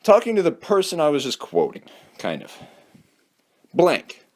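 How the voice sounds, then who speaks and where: A man's voice: a little high, wildly swooping pitch, unhurried. A young man giving casual, heated commentary in a sarcastic, ranting manner. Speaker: vlogger.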